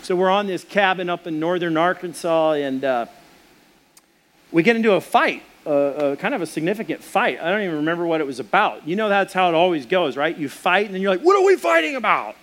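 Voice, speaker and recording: A man preaching a sermon, telling a personal story in an animated, self-deprecating way. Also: high voice, brisk. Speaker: pastor.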